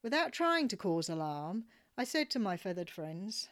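A woman reading her travel memoir aloud with wry, expressive storytelling. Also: medium pitch, normal speed. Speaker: narrator.

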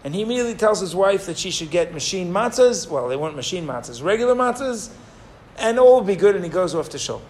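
A man teaching a Torah class, telling a story in an animated, digressive way and acting out the people in it. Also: high-pitched, fast, slight background noise. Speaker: rabbi teaching.

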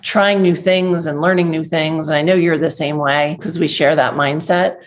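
A woman's voice: low-pitched, steady tone, moderate pace. Enthusiastic woman podcast host. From New Jersey. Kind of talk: podcast interview.

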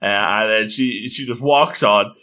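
A man reading a comic aloud in casual commentary, chatty and quick to exclaim at what happens. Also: on the low side, bright, forceful tone. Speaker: manga reader. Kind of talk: casual read-along commentary.

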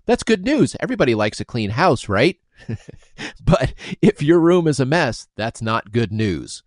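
A man's voice: medium pitch, big pitch swings, a little slow, no echo, clean studio sound. A man discussing scripture, explaining word meanings and using everyday examples. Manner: explanatory, uses homely examples.

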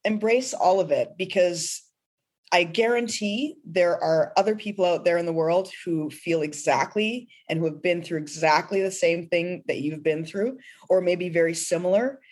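A woman's voice: lowish voice, normal speed, darkish tone. A woman singer-songwriter talking in a heartfelt, emotional way during a podcast interview, often laughing. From pastor's kid.

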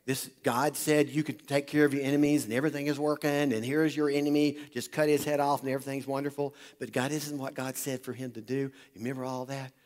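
Animated preacher in a reverberant hall. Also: male voice, medium pitch, fast talker, hardly any pauses. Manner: animated, talks directly to the congregation. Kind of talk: sermon, animated Bible storytelling.

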